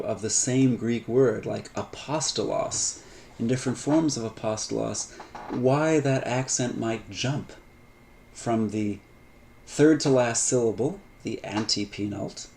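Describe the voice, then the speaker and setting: Gravelly-voiced man teaching a lecture. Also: lowish voice, slight background noise. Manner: relaxed, many fillers and restarts, light asides. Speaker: Greek instructor. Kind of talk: recorded lecture.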